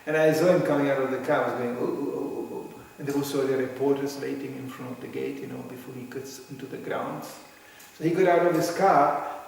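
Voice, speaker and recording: A man giving a sermon and telling stories in a lively way, acting out the quotes. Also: on the high side, vocal fry, distant mic. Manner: lively storytelling, acts out quotes. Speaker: religious teacher. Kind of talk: sermon with anecdotes. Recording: echoey hall, speaker off-mic, faint noise.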